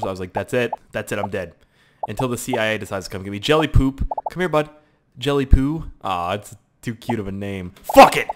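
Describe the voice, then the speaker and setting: A young man giving excitable, profane live gameplay commentary with yelling outbursts. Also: fairly low pitch, a little hiss or hum. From Canada. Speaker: gaming YouTuber.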